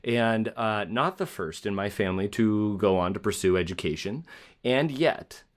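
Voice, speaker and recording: Man, podcast host, lowish voice, chatty and empathetic, lots of fillers, American. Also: normal speed. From United States. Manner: empathetic, chatty, many fillers like "you know". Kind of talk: conversational interview.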